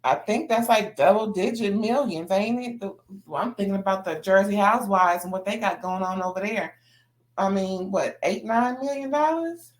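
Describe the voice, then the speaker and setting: A woman's voice: mid-range voice, normal speed. A woman chatting casually as she recaps a reality TV episode, gossipy and slangy, laughing often between remarks. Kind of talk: casual commentary.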